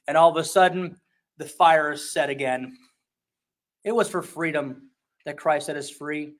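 A man preaching a sermon as pastor, shifting between soft and intense delivery and reading scripture aloud, sometimes repeating words as he searches for a phrase. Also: a little high, steady tone, moderate pace.

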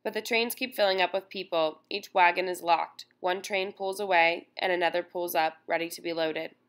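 Woman narrating a memoir, solemn and slow-paced, lowish voice. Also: fairly even intonation, a bit bright. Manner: solemn and measured. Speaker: audiobook narrator. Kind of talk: first-person memoir narration.

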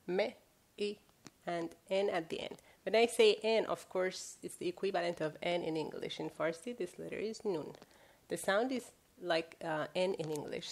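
Woman teaching words. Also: lowish voice. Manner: slow, careful pronunciation drills. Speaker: language teacher. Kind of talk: vocabulary lesson.

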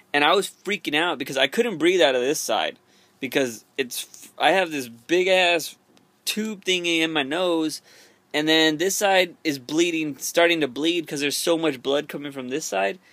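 A man's voice: on the high side, sharp tone, no room sound. A young man casually telling a story to camera in a rambling, profane way, full of fillers and restarts. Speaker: vlogger.

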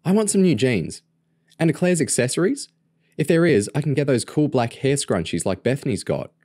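A man reading aloud, voicing an eager, excitable young girl in a high, bright voice. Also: fast talker.

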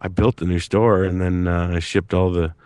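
Low male voice, dry sound, rambling storyteller. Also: flat delivery, moderate pace, a little mellow, smooth, no echo. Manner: rambling, hesitant, full of fillers. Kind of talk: casual chat.

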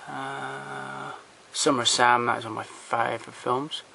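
A man with a gravelly, creaky edge to a mid-pitched voice gives a loose, unscripted walkthrough of his home film shelves. He is blunt and opinionated and swears without a second thought. He often stops and trails off between titles, with a faint hiss under the handheld camera's sound. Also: flat delivery, unhurried. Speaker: collector showing his film collection. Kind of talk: casual rambling walkthrough.

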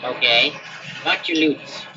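A man's voice: a little high, takes it slowly, muffled recording. A man gaming with a friend, casually teasing and mocking him. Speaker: co-op game partner. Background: game music.

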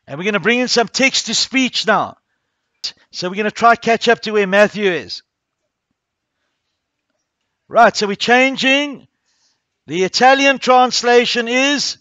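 A man's voice: sits high, a bit bright, no room sound, muffled recording. A man teaching a primary school coding class, talking the pupils through each click step by step.

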